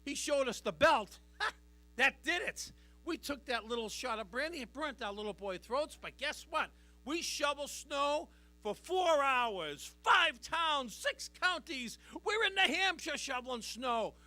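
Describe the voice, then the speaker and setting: A man's voice: extremely high pitch, animated, measured pace, sharp tone, no room sound. A middle-aged man doing a stand-up comedy routine on a live stage, working the crowd with a brash, punchy delivery. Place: live stage before an audience.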